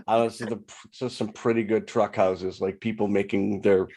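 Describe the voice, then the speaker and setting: A man's voice: on the low side, flat delivery, normal speed, warm tone. A man contestant in casual banter, rambling and repeating himself. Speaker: game contestant.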